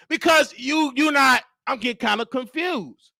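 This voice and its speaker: A man's voice: very high voice, moderate pace, gravelly, no room sound, studio quality. A man hosting a show, telling a story in casual commentary and animatedly acting out the exchanges he describes. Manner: animated, acts out quoted exchanges. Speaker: host.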